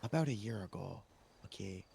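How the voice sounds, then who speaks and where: A man speaking in character as a police officer, telling a long story in an animated way and raising his voice when he quotes people. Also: lowish voice, normal speed, creaky, a little hiss or hum. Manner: animated, raises voice when quoting others. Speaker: role-play player as police officer. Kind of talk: in-character role-play storytelling.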